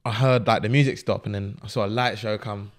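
A man's voice: on the low side, fairly even intonation, fairly quick. A young man telling a long story in casual chat, laughing often and full of slang. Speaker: podcast co-host.

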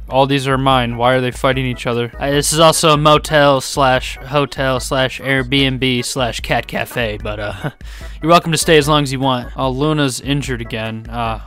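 Joking young man narrating gameplay. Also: a bit bright. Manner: joking, laughs often, rising to high squeaky laughs. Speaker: gaming YouTuber. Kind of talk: casual Let's Play commentary. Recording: faint game music behind.

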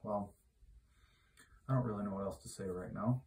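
A man's voice: lowish voice, moderate pace. Man preaching informally in a roomy echo. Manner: conversational, grows loud and emphatic when exhorting. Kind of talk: informal sermon. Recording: roomy echo, mic at a distance.

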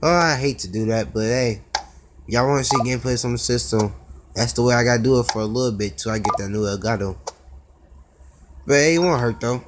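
A man talks through mobile gameplay, quick to exclaim and groan at every try. The phone recording has clear background noise and tapping clicks. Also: mid-range voice. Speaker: gaming YouTuber. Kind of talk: casual mobile gameplay commentary.

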